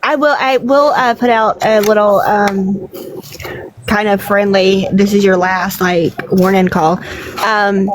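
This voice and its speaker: A woman's voice: mid-range voice, fairly even intonation, takes it slowly, a little hiss or hum, low-quality recording. A woman chatting casually on a live stream, filling her talk with "like" and laughing often. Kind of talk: casual chat.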